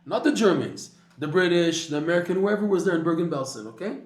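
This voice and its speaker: A man's voice: high-pitched, expressive, fast, darkish tone, reverberant. A man teaching a Torah class, telling a story animatedly with frequent restarts and repeated words.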